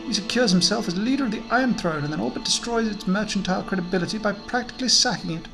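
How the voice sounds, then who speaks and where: A man's voice: high-pitched, vocal fry, over music, low-quality recording. A man putting on a huffy rich noblewoman. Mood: indignant. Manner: huffy, offended, rapid complaining. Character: haughty wealthy noblewoman, furious and indignant.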